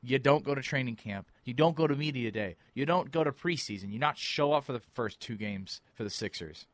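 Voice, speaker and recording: A man's voice: mid-range voice, lively intonation, a little fast, no room sound. A man co-hosting a sports podcast, ranting in exasperation and mocking players with quoted voices. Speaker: podcast co-host. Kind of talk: heated sports talk.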